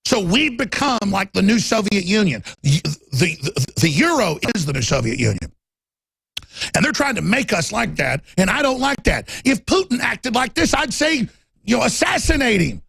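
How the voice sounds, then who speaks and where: This is a male talk show host ranting through a heated political monologue in a high, gravelly, husky voice. His pitch swings wildly and he turns emphatic, even shouting, while the sound stays close and dry. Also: moderate pace, dry recording.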